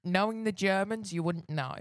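A man's voice: high-pitched, moderate pace, dry recording. A man, co-hosting a casual podcast, with a dry and laid-back delivery. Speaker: podcast co-host.

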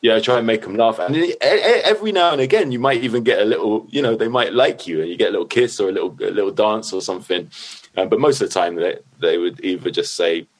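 A middle-aged man with a very low, deep voice, talking as a guest in an interview. He tells his stories loosely and with energy, swears freely, and keeps circling back to "like" and "you know what I mean". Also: fast talker. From London. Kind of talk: casual storytelling.

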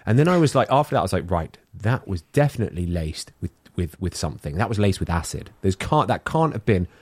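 A man's voice: sits low, sing-song, fast, no echo. A man co-hosting a podcast, telling rambling stories in casual chat with many restarts. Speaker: podcast co-host.

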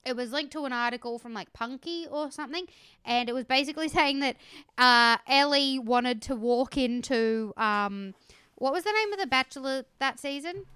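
A woman's voice: sits high, pushed and bright, clear, resonant tone, dry recording. A woman co-hosting a podcast in giggly, chatty casual conversation. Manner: giggly, chatty, quick to laugh. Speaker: podcast co-host. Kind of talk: casual chat.

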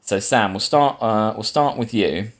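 A man's voice: lowish voice, a little slow. A man co-hosting a casual film podcast, chatting loosely with plenty of fillers and restarts. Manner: chatty, rambling, lots of yeahs and restarts. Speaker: podcast co-host running a quiz.

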